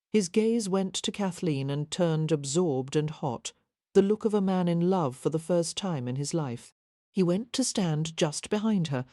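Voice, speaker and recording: A woman narrating a historical romance audiobook in an even, measured reading. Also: sits low, no echo, clean studio sound. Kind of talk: scripted narration.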